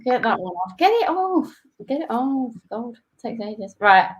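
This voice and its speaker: A woman's voice: fairly high pitch, big pitch swings, normal speed, slightly rough, muffled recording. A woman co-hosting a football fan show, chatting casually and giggling as she shares her screen on a video call. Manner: giggly, chatty, talks through screen-sharing. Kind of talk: casual chat.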